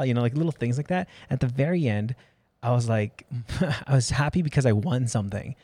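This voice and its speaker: A man's voice: mid-range voice, a little fast, warm tone, no room sound. A man hosting a casual interview, easygoing and rambling, his talk full of little fillers. The recording is close and dry, with no room sound.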